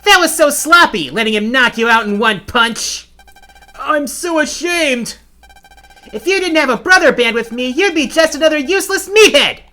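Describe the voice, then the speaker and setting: A man's voice: very high voice, expressive, moderate pace, bright, forceful tone, exaggerated voice. A man voicing a bossy young schoolgirl class president who scolds imperiously. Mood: scornful.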